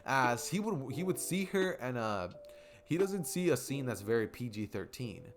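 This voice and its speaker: A man's voice: medium pitch, sing-song, moderate pace, soft background music. A young man casually narrating a fan story he makes up as he goes, rambling, with fillers.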